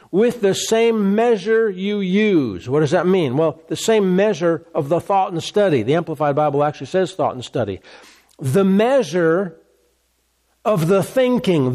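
A man's voice: high voice, a little mellow. A male pastor preaching a sermon, repeating key words for emphasis and asking rhetorical questions.

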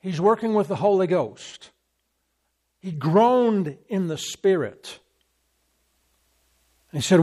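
High-pitched guy preaching a sermon, hammering the same points over and over. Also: animated, takes it slowly, pauses often, a little mellow. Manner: emphatic, repetitive preaching with acted quotes.

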